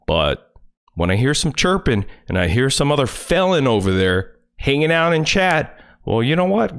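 A man livestreaming, ranting furiously and confrontationally, full of profanity. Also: mid-range voice. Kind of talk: angry livestream rant.

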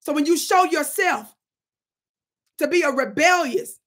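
A woman hosting her own channel, an animated and preachy storyteller who plays with words in a commentary monologue. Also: sits high, a little slow. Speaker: channel host.

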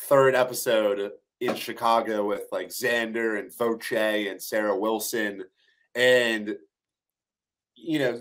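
A man guesting on a podcast, recapping a reality show episode in a steady, storytelling way. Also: mid-range voice. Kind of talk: casual reality-TV recap chat.

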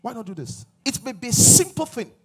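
A man preaching a sermon as pastor, swinging from loud exhortation to hushed asides. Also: extremely high pitch, big pitch swings, a little fast, slightly rough.

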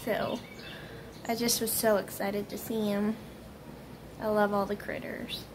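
Chatty woman with a gravelly voice. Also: medium pitch, little pitch movement, measured pace, background noise. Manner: chatty and rambling. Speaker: vlogger. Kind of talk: casual chat to camera.

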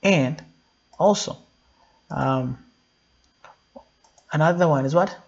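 A man's voice: medium pitch, gravelly, husky. A man in his thirties giving a simple, repetitive children's sermon, asking questions and answering them himself. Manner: slow, repetitive, animated with call-and-response questions. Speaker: children's pastor. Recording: dull lo-fi sound.

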